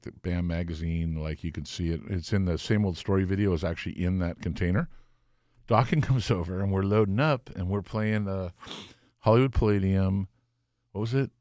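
Guest, 50s man: low, profane, relaxed storyteller, dry recording. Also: dry recording. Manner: profane, laid-back storyteller. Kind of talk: casual storytelling chat.

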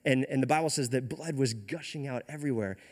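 A male pastor telling a scripture story in a lively, slangy way, often repeating words as he goes. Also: medium pitch, fast talker, long reverb tail.

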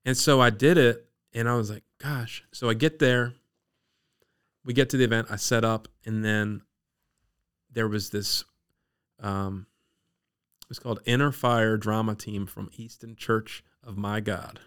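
A man from Maryland's Eastern Shore, a podcast guest telling his personal faith story in a lively, animated way. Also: fairly low pitch, unhurried, long pauses, clean tone. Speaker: guest sharing his testimony.

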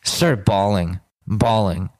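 A man's voice: on the low side, slow, darkish tone. A young man co-hosting a podcast, telling a long story in casual chat, swearing and laughing as he goes. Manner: rambling, swearing storyteller who laughs through his own stories. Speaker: podcast co-host.

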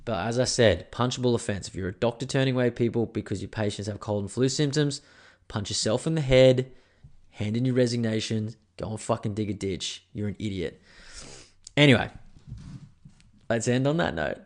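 A man's voice: medium pitch, moderate pace. A man with an Australian accent hosting a solo podcast, ranting angrily and swearing as he rambles. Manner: angry, profane, rambling. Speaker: podcast host.

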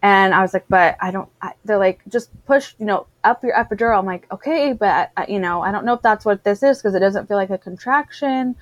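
A woman's voice: mid-range voice, a little fast, few pauses, no room sound. A woman in casual chat, animatedly telling a personal story and acting out the voices of the people in it. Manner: animated storyteller, acts out what others said.

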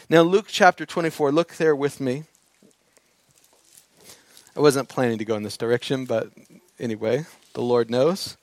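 A man preaching a sermon, moving from quiet storytelling to emphatic, building preaching on scripture. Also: medium pitch, moderate pace, long pauses, no echo, studio quality.

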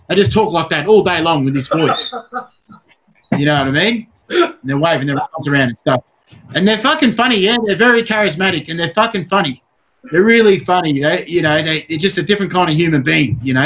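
An Australian man chatting as a guest, blunt and rambling, cursing freely in a somewhat high voice. The recording has a dull, lo-fi sound. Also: quick pace, fairly bright tone. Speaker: guest comedian. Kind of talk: casual interview chat.

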